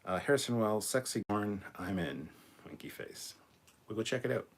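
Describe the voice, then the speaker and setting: A low-pitched man with a slightly husky voice, hosting a relaxed livestream. He reads viewer comments aloud and answers them bluntly, dropping the odd swear word as he goes. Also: normal speed. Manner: laid-back, blunt, swears casually, laughs between comments. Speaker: host reading viewer chat. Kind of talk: casual livestream chat.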